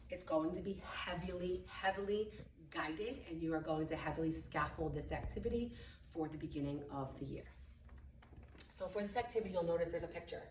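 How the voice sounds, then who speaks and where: A woman instructor walks teachers through an early-reading lesson step by step, over-enunciating each sound when she models the drills. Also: low voice. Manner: clear step-by-step explanations. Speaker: literacy instructor. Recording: roomy distant audio with ambient noise.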